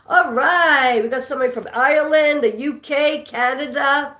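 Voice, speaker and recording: A woman's voice: high voice, normal speed, few pauses, fairly bright tone. Chatty New York woman, echoey room. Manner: chatty, reads and answers viewer comments. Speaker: live stream host. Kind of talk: live trivia stream, reading chat.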